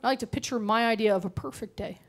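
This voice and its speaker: A woman's voice: on the high side, quick pace, lightly acted. A woman comedian playing a nosy, insistently cheerful woman who chats up strangers in a coffee line. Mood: pushy.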